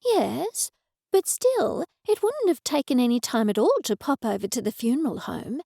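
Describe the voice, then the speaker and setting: A woman voicing a stressed middle-aged waitress who talks in a hushed, confiding way. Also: high voice, sing-song, moderate pace, creaky, breathy edge, no echo, studio quality, full character voice.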